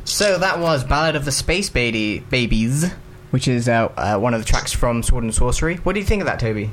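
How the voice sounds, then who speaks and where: A man's voice: mid-range voice, lively intonation, a little fast, a bit bright, soft background music. A man co-hosting a casual radio chat, hesitant and playful, with many ums and uhs. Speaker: co-host.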